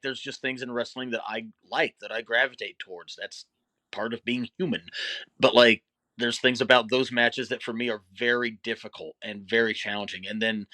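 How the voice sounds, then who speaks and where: A man's voice: medium pitch, moderate pace, bright, forceful tone, dry recording. A middle-aged man, a wrestler guest, talking candidly and reflectively in a casual interview, with many fillers.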